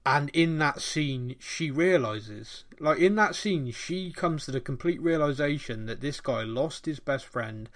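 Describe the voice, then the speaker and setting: A man co-hosting a casual podcast chat, excitedly retelling scenes and laughing often. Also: on the high side, unhurried, hardly any pauses. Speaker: podcast co-host.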